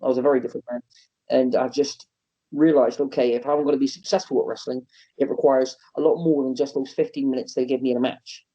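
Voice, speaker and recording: A man's voice: medium pitch, quick pace. A man in his thirties, a wrestling promoter, telling stories casually in an interview and acting out quotes in a raised voice. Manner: animated storyteller, acts out quotes in a raised voice. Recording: dull lo-fi podcast audio.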